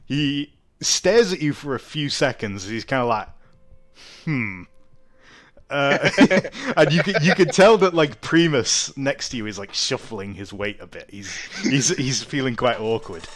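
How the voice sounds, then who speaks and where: A man's voice: mid-range voice, lively intonation, normal speed, hardly any pauses, a bit bright. A man narrating as game master of a tabletop game, chatty with many fillers.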